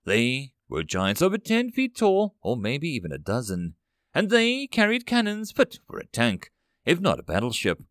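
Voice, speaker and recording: A male audiobook narrator tells a war story with strong drama. His pitch moves widely. The recording is dry, with no room sound. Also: huge pitch swings, moderate pace, a bit bright, no room sound.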